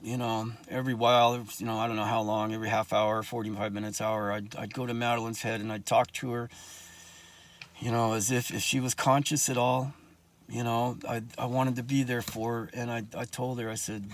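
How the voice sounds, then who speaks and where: A man's voice: medium pitch, flat delivery, normal speed, pauses often. A man telling a personal story in a rambling, profane way, often restarting his sentences.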